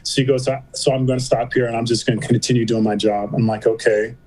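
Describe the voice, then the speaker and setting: A man's voice: medium pitch, fast talker, poor audio. A middle-aged man, a podcast guest, telling a story in a casual interview, acting out the dialogue with lots of "you know" and "I go". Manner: animated storyteller, acts out quoted dialogue, says "you know" and "I go" often.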